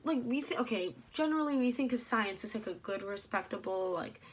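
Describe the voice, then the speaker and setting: A young woman vlogging to her channel, animated and rambling with many fillers, heated and frustrated. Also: a little high, a little fast, breathy edge. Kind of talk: casual ranting vlog.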